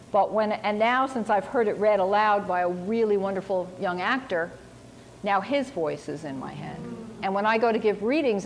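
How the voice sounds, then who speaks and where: A woman's voice: mid-range voice, slight background noise. A woman novelist speaking at a university seminar, chatty and self-mocking, acting out remarks she quotes. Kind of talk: casual talk answering audience questions.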